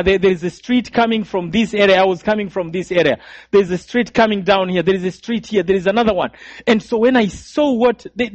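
High-voiced preacher giving testimony. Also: male voice, husky. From Rwanda. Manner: emotional storytelling, repeated phrases. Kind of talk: sermon testimony. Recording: dull, dry sound.

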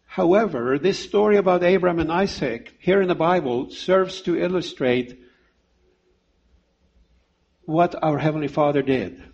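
A man in his fifties preaching a sermon, delivering it slowly and emphatically with deliberate pauses. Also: fairly high pitch, a little mellow, husky, dull audio.

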